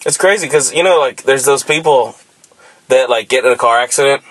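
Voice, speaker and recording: A man's voice: medium pitch, fairly quick, fairly bright tone, poor audio. A man co-hosting a podcast, rambling through profane stories and banter. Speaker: podcast co-host. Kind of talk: casual chat.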